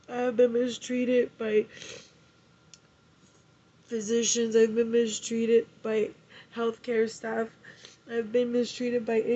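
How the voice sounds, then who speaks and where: A woman talking in an emotional personal vlog, tearful and halting, swearing often. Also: on the high side, mellow, slightly rough, muffled recording. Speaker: vlogger.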